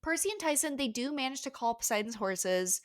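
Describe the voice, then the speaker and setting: A woman's voice: sits high, expressive, brisk, no room sound, clean studio sound. A woman co-hosting a podcast, recapping a book in casual chat with frank, wry asides. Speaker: podcast co-host.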